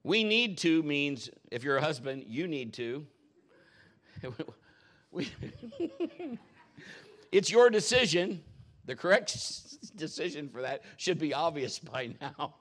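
A middle-aged pastor delivers a lighthearted sermon, his voice sitting a little high for a man. He jokes and chuckles as he goes, punching some lines loudly and dropping others almost to a murmur. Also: slow, long pauses. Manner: animated, jokey, laughs often, swings loud and soft. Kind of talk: humorous sermon. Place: church.

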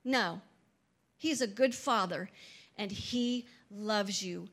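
A woman's voice: mid-range voice, takes it slowly, fairly bright tone. A woman preaching fervently to a church gathering, emphatic and full of rhetorical questions. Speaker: church speaker. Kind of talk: impassioned preaching.

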